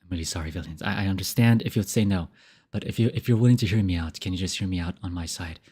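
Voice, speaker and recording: A man acting out a remorseful young man who stammers softly while begging his ex for another chance. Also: deep voice, husky, voice pushed down. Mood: pleading. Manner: halting, stammering, soft-spoken pleading.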